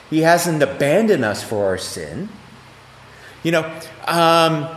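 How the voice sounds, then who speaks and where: A man's voice: on the high side, fairly bright tone. A middle-aged man, a pastor, teaching a sermon in a conversational way and asking questions of the people in the room. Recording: echoey hall, faint ambience.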